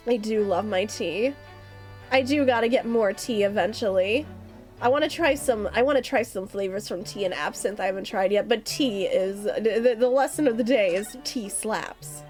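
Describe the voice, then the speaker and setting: A woman's voice: mid-range voice, normal speed, a little mellow. A woman streamer chatting casually with her viewers, rambling and laughing often. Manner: chatty, giggly, rambling with fillers. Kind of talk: casual live-stream chat. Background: faint lofi music.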